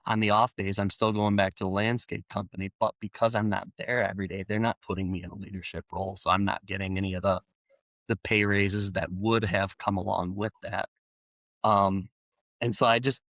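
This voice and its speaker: Middle-aged guy on a podcast, lowish voice, chatty, lots of ums, dry close mic. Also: fairly quick, no echo. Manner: relaxed, plainspoken, with frequent ums and restarts; animated when retelling dialogue. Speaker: podcast guest. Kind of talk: storytelling in a conversational interview.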